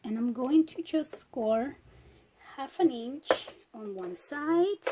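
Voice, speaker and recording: A woman with a hoarse, fading voice, chatting her way through a step-by-step crafting tutorial. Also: fairly high pitch, noisy background. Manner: chatty, unhurried, talks while working. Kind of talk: casual step-by-step craft demonstration.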